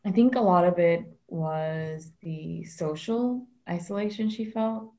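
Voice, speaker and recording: A woman is a guest in a relaxed, conversational interview, chatty and reflective. Her voice sits a little low, and she fills pauses with lots of ums and likes.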